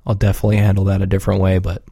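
Laid-back, foul-mouthed man with a low voice. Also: completely flat delivery, rapid-fire, dark tone, breathy edge, dry recording, studio quality. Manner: profane, rambling, laid-back. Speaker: podcast regular. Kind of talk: casual rambling chat.

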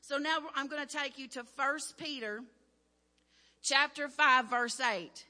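A woman's voice: sits high, takes it slowly, bright, forceful tone. A woman preaching a sermon, telling a personal story in an earnest and emphatic way. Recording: long reverb of a hall.

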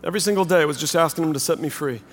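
Man preaching in a reverberant hall. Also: very fast. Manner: animated storytelling, acts out quoted voices; prays in a soft, low voice. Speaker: pastor. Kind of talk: sermon. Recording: long reverb from a large hall.

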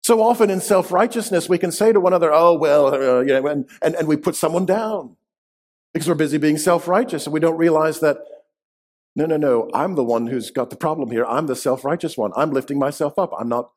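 Male pastor giving a sermon, slows way down on the big words, kinda high-ish voice. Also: darkish tone. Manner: emphatic, slows and drops to stress key words. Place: church sanctuary.

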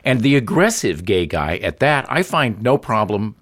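A male radio comedy host chatting casually with halting, stammering starts. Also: lowish voice, very animated, dry recording, studio quality. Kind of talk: casual chat.

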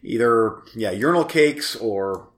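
A podcast co-host reviews a movie in casual chat, his fairly low, expressive voice unhurried as he rambles, laughs easily, and keeps cutting himself off mid-sentence. The room echoes, and a loud crowd can be heard.

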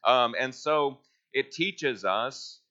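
Bright-voiced man teaching a Bible lesson. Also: mid-range voice, lively intonation, very slow, lo-fi sound. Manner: asks the class questions and answers them himself.

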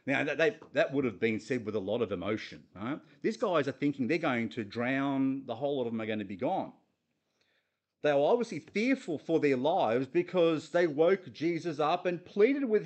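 Speaking at normal speed with lively intonation, a man with a mid-range voice preaches on a Bible passage. The sermon feels conversational, and he earnestly asks his listeners questions directly.

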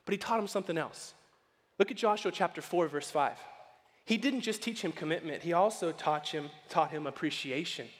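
A man preaching a sermon as pastor, animated and playful, acting out quoted voices as he goes. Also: a little high, moderate pace. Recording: long hall reverb.

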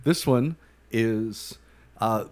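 A man's voice: on the low side, very slow. A man co-hosting a casual beer podcast, rambling with trailing sentences and restarts. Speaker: podcast co-host. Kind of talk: casual chat.

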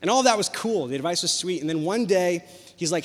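Young guy pastor, kinda high voice, chatty storytelling sermon, long echo off the hall. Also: fast. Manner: storytelling, animated, conversational preaching.

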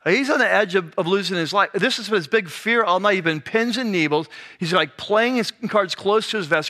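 A male pastor giving a conversational, animated sermon, acting out the scenes he describes. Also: high-pitched, brisk, few pauses.

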